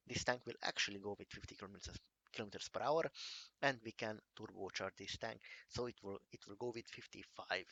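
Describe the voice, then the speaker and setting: Gravelly, bright-voiced man reviewing a game. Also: on the low side. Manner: enthusiastic, repeats "amazing", halting restarts. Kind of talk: casual gameplay commentary.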